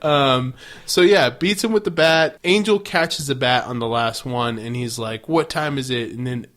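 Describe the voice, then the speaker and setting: A man co-hosts a casual podcast, swearing freely as he walks through the plot. He laughs often and jumps into quick bits of acted-out dialogue. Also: medium pitch. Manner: profane, animated recapping with laughter. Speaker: podcast co-host. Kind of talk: casual chat.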